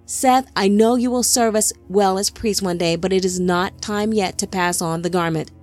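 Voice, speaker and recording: A woman's voice: mid-range voice, moderate pace, darkish tone, close to an everyday voice. A woman reading the part of an old father who demands answers from his sons, with faint music behind her. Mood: stern. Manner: stern, demanding. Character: angry elderly patriarch, stern father.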